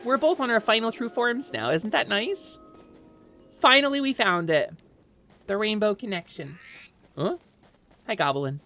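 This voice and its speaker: A woman streamer talks through a live gaming session, bubbly and giggly, wandering from thought to thought. Her pitch leaps up and down in lively swings. Faint music plays softly behind her. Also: unhurried, pauses often. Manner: excitable, giggly, rambling. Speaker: VTuber streamer. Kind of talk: casual live-stream chat while gaming.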